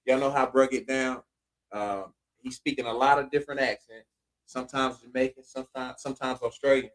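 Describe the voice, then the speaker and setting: A man's voice: mid-range voice, steady tone, a little fast, low-quality recording. A man hosting a casual podcast, telling stories in a laid-back way and talking straight to his listeners. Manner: laid-back storytelling, talks to listeners directly. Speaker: podcast host. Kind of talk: casual chat.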